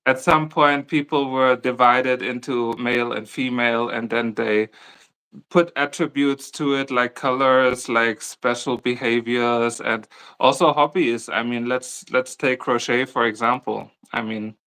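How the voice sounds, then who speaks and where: A man's voice: mid-range voice, fairly even intonation, measured pace, bright, forceful tone, clean tone, low-quality recording. A man co-hosting a crochet livestream in casual chat, laughing often between thoughtful asides.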